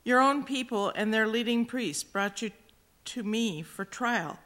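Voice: mid-range voice, measured pace, bright, forceful tone. A plain voice reading scripture aloud, with a few small slips. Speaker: scripture reader. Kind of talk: Bible reading.

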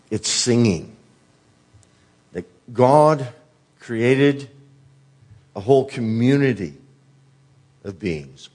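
A man preaching a sermon earnestly, asking rhetorical questions and dropping softly on quoted words. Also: lowish voice.

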